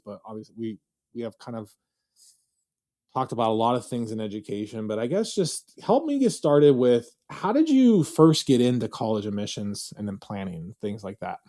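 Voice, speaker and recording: A man hosting a podcast interview, asking loose, filler-heavy questions in a relaxed way. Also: mid-range voice, normal speed. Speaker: podcast host.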